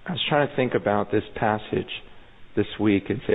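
A man's voice: on the low side, normal speed, vocal fry, husky. A man preaching a sermon as pastor, intense and urgent, often stammering and restarting as he acts out quoted voices. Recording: phone-like sound in a reverberant hall.

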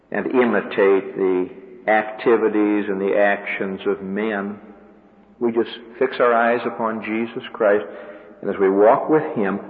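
A man delivers a sermon for radio, pressing his points with sudden climbs in pitch. The sound is thin and tinny, like a phone line, and a long reverb trails after his words. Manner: emphatic, with sudden pitch rises on key words. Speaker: preacher.

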